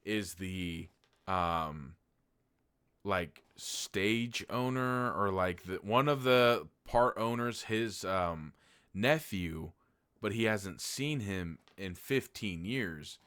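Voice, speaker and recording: A man's voice: deep voice, expressive, very slow, fairly bright tone, clean tone. A man giving a casual spoken TV review in a blunt, heated way, swearing freely. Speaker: TV show reviewer.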